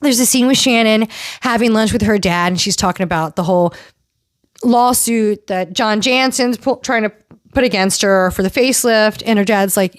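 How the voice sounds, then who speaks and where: A woman's voice: mid-range voice, normal speed, no echo, clean studio sound. A woman hosting a casual recap podcast, blunt and opinionated, who swears freely and scolds the cast members as if they could hear her. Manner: addresses the cast members directly, as if scolding them. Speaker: podcast host. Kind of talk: casual reality-TV recap commentary.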